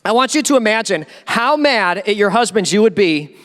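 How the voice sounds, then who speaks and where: High-pitched preacher guy, lively, acts out little voices, big reverby church hall. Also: moderate pace. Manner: animated, acts out quoted voices. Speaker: pastor. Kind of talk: sermon. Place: church sanctuary.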